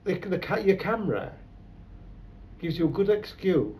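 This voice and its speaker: A man's voice: high voice, sing-song, moderate pace, darkish tone, poor audio. A man, a photographer telling rambling anecdotes in an interview. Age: 70s. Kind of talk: conversational interview.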